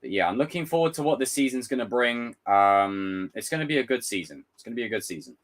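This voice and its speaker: A man chatting on a live stream, lively and loose. His pitch swings widely as he rants, and he drops into mocking put-on voices to mimic others. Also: fast. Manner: animated, ranting, swears freely, mocks with exaggerated voices. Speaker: YouTube host reacting to a trailer. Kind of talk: casual livestream chat.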